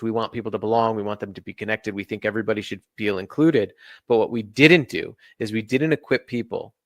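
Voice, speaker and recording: A man speaking as a podcast guest in a slightly low voice. He explains earnestly and lays his points out in order. The sound is dry and close, with almost no room. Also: a bit bright, no echo. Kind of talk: podcast interview.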